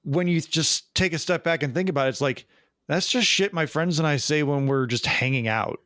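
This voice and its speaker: A man's voice: fairly high pitch, normal speed, a bit bright, no room sound, studio quality. A man from the Midwest co-hosting a podcast from his basement, chatting casually in a sardonic, rambling way. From American Midwest. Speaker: podcast co-host. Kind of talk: casual chat. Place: home basement.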